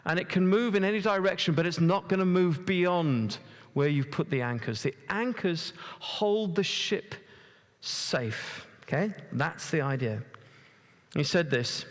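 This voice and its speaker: Male preacher with a slightly high voice, chatty storytelling sermon, questions to the pews, some stumbles, long church reverb. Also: animated, normal speed. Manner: storytelling, asks the congregation questions; stumbles and repeats words. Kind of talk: conversational sermon.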